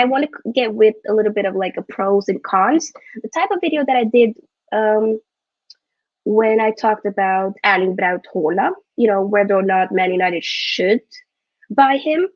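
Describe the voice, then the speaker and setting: A woman's voice: mid-range voice, normal speed, no echo, highs cut off. A woman hosting a live football watchalong, chatting casually and rambling, often correcting herself mid-sentence. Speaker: football vlogger host.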